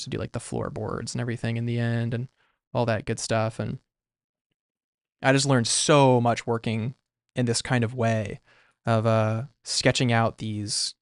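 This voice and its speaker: A man's voice: mid-range voice, dry recording. A young man talking casually on a livestream while he sketches, rambling with lots of "like" and restarts. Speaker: artist streaming.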